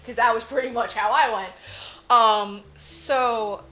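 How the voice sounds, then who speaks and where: A woman's voice: on the high side, fairly even intonation, slow, a bit bright. A woman co-hosting a podcast, retelling a movie plot in a chatty, casual way with lots of "like". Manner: chatty storytelling, heavy use of "like". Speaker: podcast co-host. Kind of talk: casual movie recap chat.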